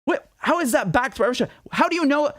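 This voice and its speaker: British male commentator, high-pitched, dry close mic, indignant and incredulous, stumbles and repeats. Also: expressive, brisk, fairly bright tone, no room sound. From Britain. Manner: incredulous, indignant, repeats words and restarts often. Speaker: political commentator. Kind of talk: solo commentary.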